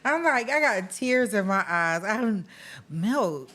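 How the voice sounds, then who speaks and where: A woman's voice: mid-range voice, expressive, slow, a bit bright. Chatty woman streamer laughing with viewers. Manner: chatty, often breaks into laughter, answers viewer comments by name. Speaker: livestream host. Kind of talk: casual chat with live viewers.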